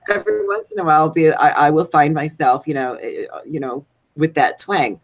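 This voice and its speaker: Low-pitched woman co-host, animated gossip rant, live show. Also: brisk. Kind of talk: casual chat.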